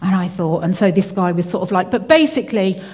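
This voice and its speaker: A woman's voice: mid-range voice, animated, brisk, a little mellow. Chatty woman telling a story in a reverberant hall. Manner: chatty storytelling, many fillers and restarts. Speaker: Christian speaker. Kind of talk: personal faith testimony.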